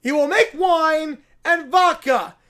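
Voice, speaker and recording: A man voicing a fanatical young male bear who preaches and shouts commands at his followers, reading a comedy story aloud on a livestream. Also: slow, heavily acted. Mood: zealous preaching. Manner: booming, declaiming sermon-like commands.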